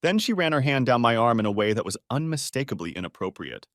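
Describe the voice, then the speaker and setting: A man narrating a scripted first-person story in a steady, expressive way. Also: medium pitch, fast talker, dry recording, studio quality.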